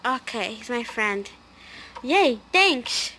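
A woman giving casual, excitable let's-play commentary as she plays, chatty and prone to gasps and squeals. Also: fairly high pitch, unhurried, slight background noise. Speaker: gaming video host.

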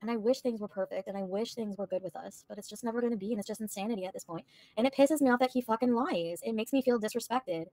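A woman's voice: a little high, fast, a little mellow. A woman livestreaming, bluntly and profanely venting to her chat. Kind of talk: casual livestream rant to chat.

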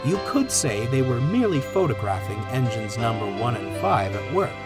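A man giving expressive storybook narration over background music. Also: mid-range voice, normal speed. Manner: expressive, animated reading. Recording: music playing underneath.

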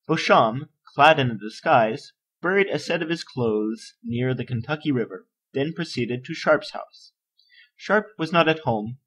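A man narrates an encyclopedia article in a steady, measured read-aloud style. His voice has a slightly husky, breathy edge and sits at an ordinary middle pitch. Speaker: volunteer article reader.

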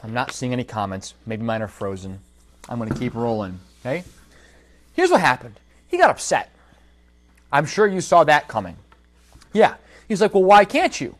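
A man's voice: medium pitch, normal speed, pauses often. A man hosting a casual livestream, telling a story from his workshop and talking straight to his viewers. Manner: animated storytelling, addresses viewers directly. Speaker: holster maker and livestream host.

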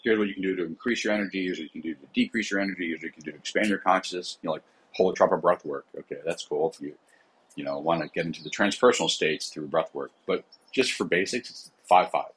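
A man's voice: low voice, fast talker, fairly bright tone, slightly rough, poor audio. A man, a psychotherapist and coach, talking casually in a podcast interview, with many fillers.

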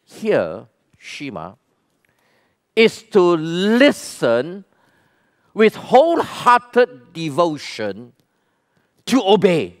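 With a high voice that swings hugely in pitch, this Malaysian English-accented pastor preaches extremely slowly, leaving long pauses. He delivers the sermon emphatically, questioning the congregation and calling for their response.

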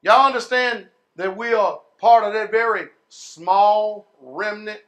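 A man preaching a sermon as pastor to his congregation, drawing words out slowly, then bursting into shouts, folksy and direct with the people in front of him. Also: high voice.

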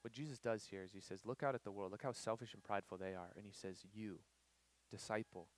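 A young man preaching a casual youth sermon, animated, with many fillers and acted-out quotes. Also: lowish voice, fast. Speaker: youth pastor. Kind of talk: sermon to students.

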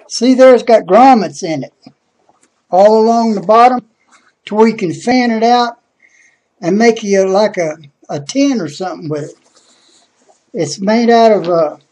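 A man talking casually into a webcam about a package, hesitant, with many pauses and restarts. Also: high-pitched, a little mellow. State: out of breath. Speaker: vlogger. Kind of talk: casual unboxing vlog.

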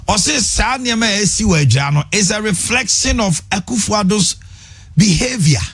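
A man's voice: high-pitched, animated, moderate pace, vocal fry, a bit bright, husky. A man hosting a radio talk show, interjecting short prompts and relaying claims to his guest.

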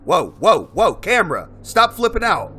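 A man's voice: sits high, wildly swooping pitch, normal speed, creaky, sharp tone, a little hiss or hum. A young man giving emotional, chatty commentary as he plays a horror game and talks to his dog. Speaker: gaming streamer. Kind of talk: casual gameplay commentary.

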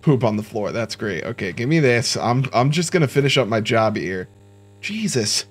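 A young gaming YouTuber gives casual, joking let's-play commentary, talking to himself and breaking into sudden startled outbursts. His medium-pitched voice is expressive and fairly quick.

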